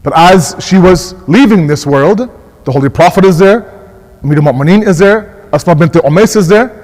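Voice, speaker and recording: A male religious scholar giving a mournful sermon, impassioned, repeating words and slowing down for emphasis. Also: high voice, lively intonation, a little mellow, long reverb tail, rough recording. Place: mosque hall.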